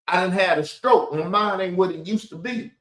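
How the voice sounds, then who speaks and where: A man's voice: high-pitched, normal speed, fairly bright tone, roomy sound, rough recording. A man hosting a rambling commentary video, talking in a combative, colloquial and repetitive way. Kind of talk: rambling commentary on played clips.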